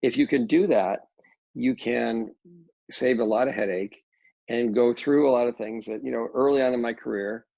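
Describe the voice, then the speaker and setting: A man's voice: mid-range voice, normal speed, vocal fry, dry recording. A middle-aged man, a real estate developer, talking casually in an interview with many restarts and fillers. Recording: dull lo-fi dry audio.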